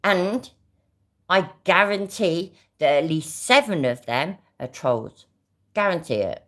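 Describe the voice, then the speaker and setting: A woman's voice: on the low side, expressive, slow. A woman with a British accent giving sarcastic, sweary casual reaction commentary. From Britain. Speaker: reaction vlogger.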